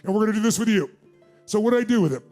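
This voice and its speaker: A middle-aged man speaks from a stage as a motivational speaker, telling a story and quizzing the crowd. His voice sits high for a man, with faint music running under it. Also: animated, rapid-fire, mellow. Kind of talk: stage talk to a live audience. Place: large event room.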